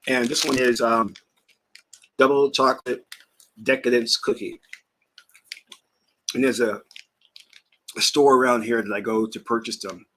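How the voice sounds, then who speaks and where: A man's voice: mid-range voice, fairly even intonation, measured pace, pauses often, bright, forceful tone, a little hiss or hum. A man hosting his own channel as a spiritual teacher, chatting in a rambling, casual way and laughing as he talks, at times while eating. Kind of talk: casual vlog chat.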